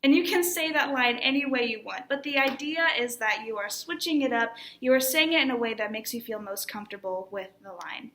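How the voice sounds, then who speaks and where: A woman teaching an online acting class, speaking with clear, deliberate articulation and an encouraging manner. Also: on the high side, expressive, sharp tone, a little hiss or hum. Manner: encouraging instructor.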